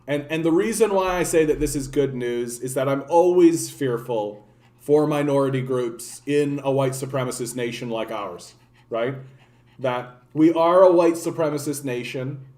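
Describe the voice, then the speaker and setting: A Canadian man with a medium-pitched, slightly mellow voice offers casual political commentary on a livestream. He's a political streamer who rambles and swears freely, packing his talk with "like" and restarting sentences often.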